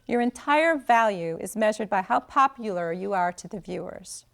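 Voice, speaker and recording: A woman's voice: medium pitch, lively intonation, moderate pace, vocal fry, a bit bright. A woman reading the lines of a cocky, teasing young male staffer who coaches a student with bossy confidence. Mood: coaxing.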